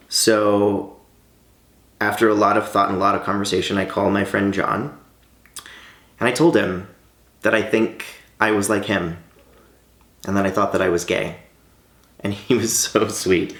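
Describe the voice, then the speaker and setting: A man's voice: fairly low pitch, fairly even intonation, moderate pace, pauses often, a bit bright, reverberant. A man in his late thirties who vlogs. He tells a personal story in a candid, heartfelt way. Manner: candid and heartfelt, with light laughs. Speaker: vlogger.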